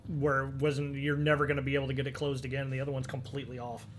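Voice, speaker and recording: A man's voice: mid-range voice, monotone, racing, a little hiss or hum. A young man narrating a tabletop game as game master, casual and rambling with many fillers.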